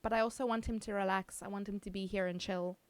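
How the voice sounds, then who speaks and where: A woman's voice: medium pitch, fairly even intonation, fast, no room sound. A woman streaming live, chatting casually, reading chat aloud and laughing often.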